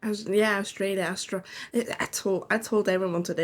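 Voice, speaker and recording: A woman's voice: mid-range voice, fairly even intonation, fairly quick, faint music behind. A woman from Switzerland with a Swiss German accent, chatting casually and giggling often while streaming a game. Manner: giggly, frequent laughs. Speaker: vtuber streamer.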